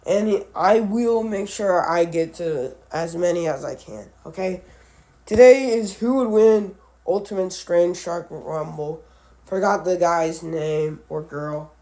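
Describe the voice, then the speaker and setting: Man, under the weather, unhurried and warm-toned, stumbles over names in a casual read-along. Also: high-pitched. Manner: halting, self-correcting, stumbles over names. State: sick, voice a little off. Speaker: animal video creator.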